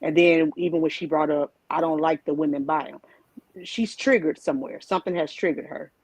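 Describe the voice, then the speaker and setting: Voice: medium pitch, steady tone, fairly quick, slightly rough, no room sound, poor audio. A panel guest on a live stream, earnestly repeating one point. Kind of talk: casual opinion chat.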